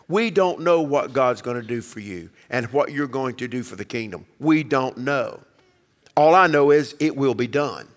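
A pastor preaches a sermon emphatically, acting out the voices he quotes and dropping low for the quieter passages. The sound carries a long reverb tail.

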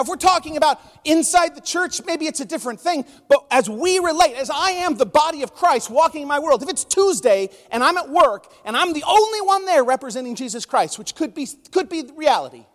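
A pastor preaching a conversational sermon, telling stories with emotion. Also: male voice, extremely high pitch. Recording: long reverb of a large hall.

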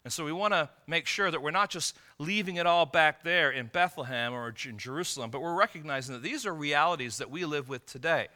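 A man's voice: fairly high pitch, fairly quick, few pauses, pushed and bright. A man preaching a sermon, teaching through a passage with rhetorical questions and frequent restarts. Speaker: pastor.

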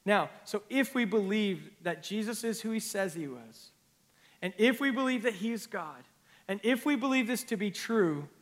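A man's voice: high voice, lively intonation, moderate pace, big-room sound. A man, a pastor, preaching a sermon and reading scripture aloud, earnest and rising and falling in intensity.

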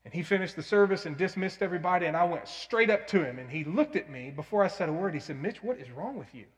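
Male pastor, high voice, earnest storyteller with loud emphatic bursts, echoing church hall. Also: lively intonation, quick pace. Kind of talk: sermon. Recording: long hall reverb.

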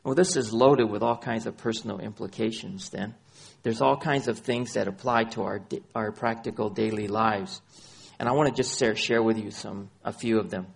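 A man preaching a sermon, his voice gravelly and a little husky. He names scripture passages by chapter and verse and drives points home by repeating his key phrases. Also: on the low side, moderate pace. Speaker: pastor.

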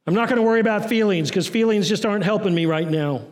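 A man delivers a sermon in a notably high voice, his intensity rising on urgent lines and sinking low and quiet on others. The sound carries a long reverb, as if recorded in a large hall. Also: fast. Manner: preaching with rising and falling intensity, dropping low and soft on key lines. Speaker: pastor.

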